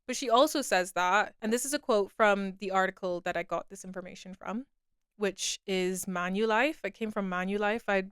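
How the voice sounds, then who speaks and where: A woman's voice: medium pitch, moderate pace, a bit bright, smooth, no echo, clean studio sound. A young woman hosting a podcast, speaking candidly and confessionally about her own experiences, often repeating herself. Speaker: podcast host. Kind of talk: personal podcast monologue.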